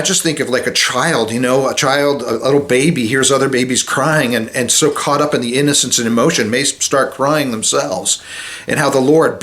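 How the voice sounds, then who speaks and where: A man speaking as a chaplain, giving an informal devotional talk in a conversational way that drops soft and low at solemn moments. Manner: conversational, with many restarts and fillers.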